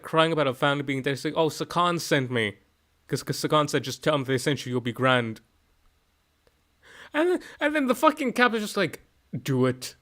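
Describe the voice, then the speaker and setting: A young man streaming from home, chatting casually, excitable and rambling, swearing often and restarting his sentences. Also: mid-range voice, smooth. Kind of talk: casual chat.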